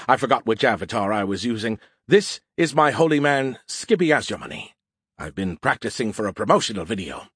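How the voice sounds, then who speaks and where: A man's voice: lowish voice, big pitch swings, fairly quick, a bit bright, slightly rough, dry recording, clean studio sound, full character voice. A man voicing a boastful, snarky male AI that lives in a beer can, in a raised, self-important tone. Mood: breezy.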